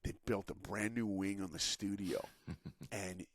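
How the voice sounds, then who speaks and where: A man voicing a male mentor from his past who teases him before breaking good news, in a lowered, quiet voice. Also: measured pace, no room sound. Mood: teasing, delighted.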